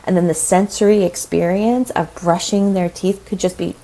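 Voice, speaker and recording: A woman in her thirties, a parenting coach talking in a casual interview, chatty and animated, often saying "like" and "right?". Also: fairly low pitch, normal speed, rough recording.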